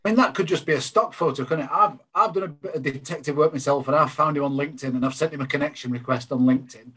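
A man's voice: a little high, fast talker, fairly bright tone, slight background noise. A man on a video call, joking and spinning theories in a casual chat. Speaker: podcast co-host.

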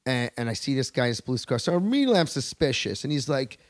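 A man's voice: mid-range voice, sing-song, quick pace, dry recording, clean studio sound. A man from Long Island, a podcast guest ranting in a heated, profane, rambling way with many restarts. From Long Island, New York. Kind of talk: comedic podcast rant.

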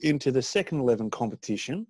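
A man's voice: mid-range voice, animated, quick pace, darkish tone, dry recording. An Australian man hosting a casual sports chat, rambling with restarts and casual swearing. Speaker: podcast host.

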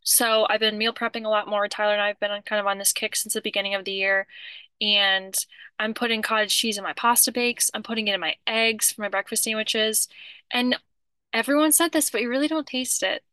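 Bright woman in dry close sound. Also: mid-range voice, fairly even intonation, brisk, clean tone, no echo. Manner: talkative, restarts sentences often. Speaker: podcast co-host. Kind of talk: casual chat.

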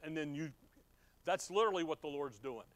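A man's voice: a little high, expressive, a little fast. Conversational man preaching a Bible lesson. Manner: conversational, reads scripture aloud, asks the listeners questions. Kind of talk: Bible teaching sermon.

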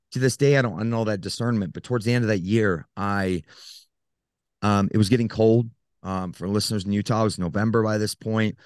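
A man who is a podcast guest, telling a personal story in an earnest, halting way with many fillers. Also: fairly low pitch, smooth, no echo, clean studio sound.

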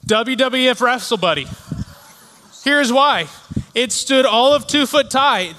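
High, bright-voiced man preaching in a hall. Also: slow pace, slight background noise. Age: 30s. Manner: animated storytelling, shifting to quiet reflection. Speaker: pastor. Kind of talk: sermon. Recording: reverberant hall sound.

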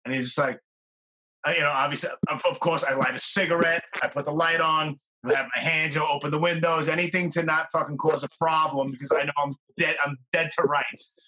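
A man in casual podcast chat, telling a lively story and swearing casually. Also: a little high, fairly quick, poor audio.

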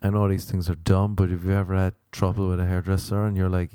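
Guy ranting solo on his podcast, swears a lot, lowish mellow voice, dry close mic. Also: level tone, fast talker, few pauses, clear, resonant tone, no echo. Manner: profane, rambling, self-mocking rants. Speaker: podcast host. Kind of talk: casual solo monologue. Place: Los Angeles.

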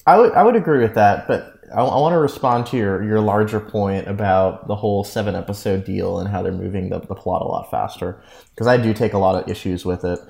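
Male podcast panelist, lowish voice, argumentative, roomy echoey sound. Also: fairly quick, vocal fry, a little mellow. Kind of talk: casual chat. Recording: roomy echo.

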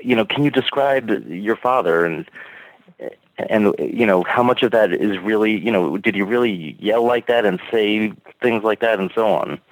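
A man's voice: lowish voice, normal speed, rough recording. A male caller on a podcast, talking in a rambling, hedging way full of fillers. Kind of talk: casual call-in chat.

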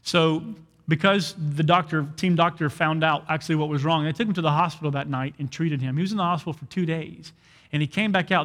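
Man preaching animated story in a hall. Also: on the high side. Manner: animated storytelling, acts out quoted dialogue. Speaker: pastor. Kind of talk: sermon.

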